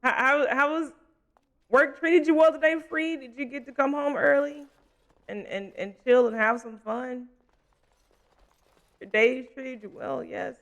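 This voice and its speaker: A man's voice: very high voice, a little slow, gravelly, pauses often, a bit bright. A man livestreaming a game, chatting casually with viewers and laughing often. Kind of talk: casual gaming stream chat.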